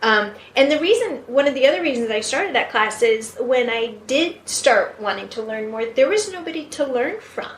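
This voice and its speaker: A woman's voice: high-pitched, lively intonation, moderate pace, hardly any pauses, slight background noise. A woman with a Southern US accent, a spiritual medium chatting casually as an interview guest and laughing easily. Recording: echoey room.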